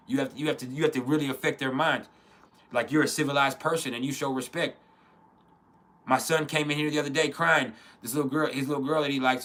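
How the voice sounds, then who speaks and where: A man's voice: medium pitch, fairly bright tone. A man in his thirties hosting a casual spoken reflection, earnest and blunt, with frequent swearing and restarts. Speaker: podcast host.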